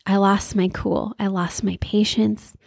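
An earnest woman in her thirties tells a story from her own life. She speaks at a middle pitch and confides in the listener. Her voice is recorded close and dry. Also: level tone, unhurried, creaky, a little mellow, dry recording. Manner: earnest, confiding, acts out quoted dialogue. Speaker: mother sharing faith stories. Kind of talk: personal storytelling.

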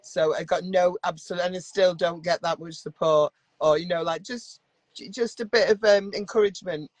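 A woman's voice: on the low side, fairly even intonation, normal speed, no room sound. A middle-aged woman from Manchester with a Mancunian accent, chatting as an interview guest in a blunt way, with dry humour and plenty of swearing. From Manchester, England. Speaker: guest singer. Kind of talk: casual interview chat.

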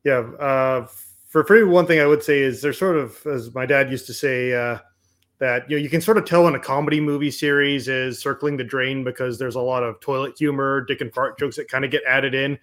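Wry man from Canada, mid-pitched. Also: fairly even intonation, brisk, fairly bright tone. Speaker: podcast co-host. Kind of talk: casual film review chat.

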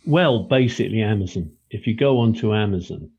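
A man's voice: lowish voice, lively intonation, fairly quick, darkish tone, breathy edge, highs cut off. A British man, an author, chatting casually and rambling a little, restarting his sentences with plenty of ums. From Britain. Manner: rambling, self-correcting, with many ums and restarts. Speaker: author and podcast guest. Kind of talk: casual chat.

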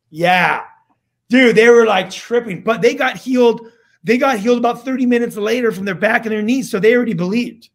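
A man's voice: high voice, a little fast. A man, a guest on an interview show, telling a story in a casual, slangy way and acting out what people said. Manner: casual slangy, acts out quotes. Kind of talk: animated storytelling testimony.

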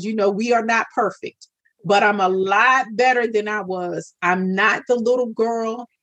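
A woman shares her personal story of faith as a podcast guest, speaking earnestly and voicing her own past prayers. Her voice sits at a middle pitch. The sound is dry and close, with no room echo. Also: a bit bright. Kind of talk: personal testimony in an interview.

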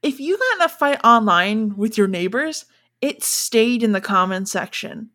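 Woman chatting, somewhat high-pitched. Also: lively intonation, unhurried, sharp tone. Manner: agreeing, trailing off mid-thought. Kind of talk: casual chat about a show.

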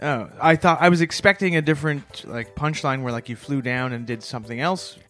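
Man, podcast co-host, dry deadpan delivery of mock-serious shout-outs, faint music underneath. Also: mid-range voice, brisk. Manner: deadpan mock-earnest tributes. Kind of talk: casual comedic chat.

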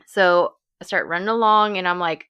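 Brief: woman, bright clear voice, lively storyteller who laughs a lot and acts out her thoughts. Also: on the low side, moderate pace. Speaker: race participant recounting her race. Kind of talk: casual podcast chat.

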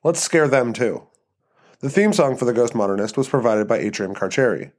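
A man hosting and narrating a story podcast in a scripted reading voice. His pitch sits in the middle and his delivery stays even and measured.

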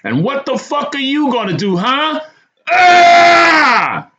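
A wild, shrieking madman, his voice pushed far up into a strained, high scream. He shouts every threat at full force, frantic and out of control. The recording is dull and lo-fi. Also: very animated, takes it slowly, noisy background, full character voice. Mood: screaming rage. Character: crazed shirtless man screaming threats.

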